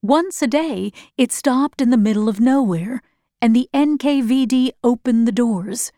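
A woman narrates a first-person storybook in a slow, measured and earnest manner. Her voice sits fairly high. The sound is dry and close, with no room around it. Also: dark tone, dry recording.

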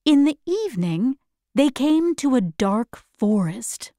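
A woman reading a children's story aloud slowly and clearly, as a read-aloud for learners. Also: sits high, no room sound, studio quality. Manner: very slow, clear, even reading.

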